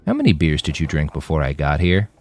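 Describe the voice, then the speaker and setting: A man's voice: a bass voice, wildly swooping pitch, fast, darkish tone, full character voice. A man doing an earnest, anxious young man. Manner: earnest and searching.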